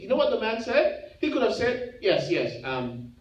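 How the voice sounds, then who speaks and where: A man's voice: high voice, very animated, moderate pace. A man, an imam giving a Friday sermon, preaching with rhetorical questions and acting out the boasts of proud rulers. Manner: impassioned, rhetorical questions, acts out the tyrants' boasts. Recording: roomy, muffled, mic at a distance.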